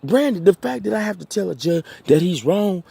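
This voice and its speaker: Distraught pleading man, husky and raised. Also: sits high, animated, mellow, dry recording. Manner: pleading, agitated, halting restarts. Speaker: petitioner addressing a judge. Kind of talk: impassioned video appeal.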